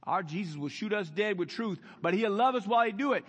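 A man with a notably high voice preaches to his congregation, chatty and folksy, then pressing his points with building emphasis. His voice rings out with the long reverb of a church hall. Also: lively intonation, fairly quick, slightly rough. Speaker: pastor. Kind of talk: sermon.

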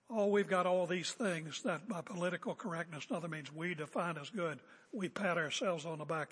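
A man's voice: fairly high pitch, normal speed, few pauses, a bit bright, husky. A man preaching a sermon as a pastor, emphatic and confrontational, hammering home repeated phrases. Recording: echoey hall with long reverb.

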